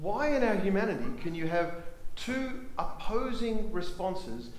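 Impassioned preacher in an echoey church. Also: male voice, sits high, expressive, unhurried, a little hiss or hum. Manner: impassioned, swings from emphatic to hushed; repeats rhetorical questions. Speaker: pastor. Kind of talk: sermon.

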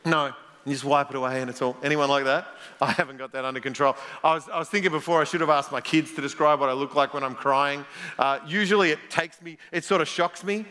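A man's voice: a little high, steady tone, fast, sharp tone. A middle-aged man preaching a conversational sermon in a church, jokey and playful, quizzing the congregation as he goes. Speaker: pastor. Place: church hall. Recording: long reverb of a large hall.

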